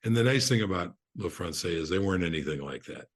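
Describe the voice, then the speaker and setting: Deep, husky older man telling stories. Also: expressive. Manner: unhurried storyteller with frequent restarts and fillers. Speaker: podcast guest. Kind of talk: relaxed anecdote telling.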